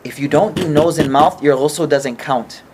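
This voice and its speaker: A man's voice: on the high side, moderate pace, darkish tone, a little hiss or hum. A man teaching an informal religious study class, explaining patiently and checking often that the group follows.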